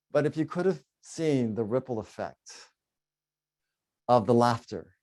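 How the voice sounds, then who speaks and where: A middle-aged man giving a humorous keynote speech to an online audience, telling stories with bursts of singing and laughter. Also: medium pitch. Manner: animated storyteller, bursts into sung "oh yeah" and laughs. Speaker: keynote speaker.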